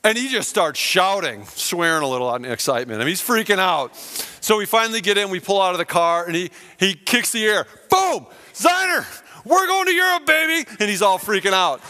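A man's voice: high voice, animated, a little fast, sharp tone. A man preaching a conversational, self-deprecating sermon and telling a story with acted-out quotes. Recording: long hall reverb.

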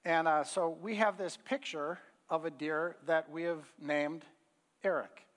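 Unhurried and fairly even in intonation, a middle-aged pastor with a slightly high voice tells his sermon as easygoing, folksy stories stuffed with fillers. The recording picks up hall reverb.

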